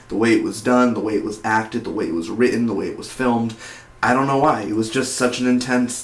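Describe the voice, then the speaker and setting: A TV episode reviewer recaps an episode in a casual spoiler review, rambling loosely and excitably with plenty of "uh" and "you know" and quick restarts. His voice sits at an ordinary middle pitch, and the room around him has a noticeable echo.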